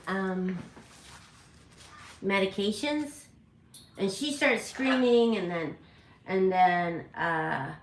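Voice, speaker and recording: A woman chats casually on a home livestream, wandering from thought to thought and often correcting herself. Her voice sits at a middle pitch. The room adds a noticeable echo. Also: a little hiss or hum. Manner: rambling, self-correcting, chatty. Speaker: parrot channel host.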